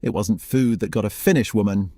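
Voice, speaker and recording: A man giving measured, scripted documentary narration. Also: fairly low pitch, breathy edge, no echo, clean studio sound. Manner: measured, even storytelling.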